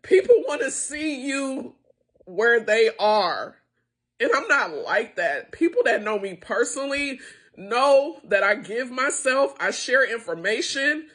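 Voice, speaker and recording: Fighting back tears, a frustrated middle-aged small business owner and founder makes a heartfelt plea directly to her viewers on camera. Her voice is somewhat high and a bit bright.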